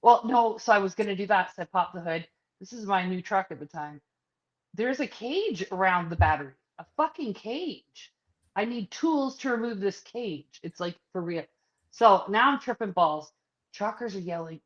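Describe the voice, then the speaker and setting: A woman's voice: mid-range voice, normal speed, lo-fi sound. A woman co-hosting a podcast, casually telling a story with lots of swearing and acting out other people's lines. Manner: profane, animated storyteller who acts out others' lines. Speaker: podcast co-host. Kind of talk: casual chat, personal storytelling.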